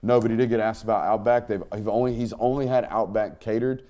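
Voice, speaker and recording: Low-voiced man hosting a sports chat. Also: steady tone, fast talker, dark tone. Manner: loose, chatty, with fillers and laughs. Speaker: podcast host. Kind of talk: casual sports talk.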